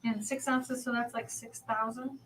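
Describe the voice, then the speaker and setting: A woman chats in quick reactions while playing a tabletop role-playing game. Her voice is high and bright. A faint hiss runs under the recording. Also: little pitch movement, distant mic, rough recording. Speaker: player. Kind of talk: casual tabletop play.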